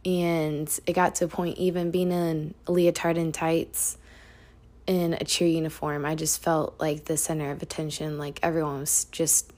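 Podcast host, young woman, low-pitched, reflective and candid storyteller. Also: flat delivery, normal speed. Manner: candid, reflective, with soft laughs. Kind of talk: personal storytelling.

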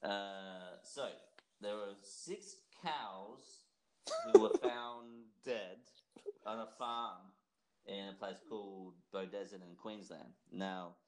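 A man's voice: fairly low pitch, slow, mellow, low-quality recording. A man co-hosting a podcast in casual, rambling chat, full of ums and laughter. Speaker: podcast co-host.

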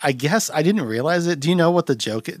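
A man's voice: on the high side, lively intonation, fast talker, dry recording, clean studio sound. A man hosting a casual podcast chat about a film, rambling and laughing often. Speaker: podcast host.

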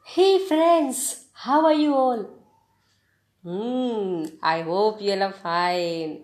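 A woman's voice: medium pitch, extremely slow, a little mellow. A woman hosting a podcast English lesson, spelling words out letter by letter and encouraging her listeners. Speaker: podcast host teaching English. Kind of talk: slow spelled-out grammar lesson.

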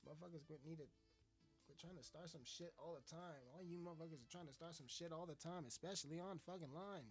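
A man rants in a crude, profane, mock-offensive way, as if daring the listener to take offense. His voice sits a little high for a man. Faint music plays under him. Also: steady tone, fast talker. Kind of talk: profane comedic rant.

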